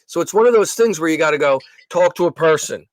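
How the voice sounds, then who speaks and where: A man's voice: a little high, fast talker, dry recording. A man co-hosting a podcast in casual chat. He tells stories animatedly, acting out the voices he quotes, with frequent restarts. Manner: animated storyteller who acts out quoted voices, many restarts. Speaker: podcast co-host.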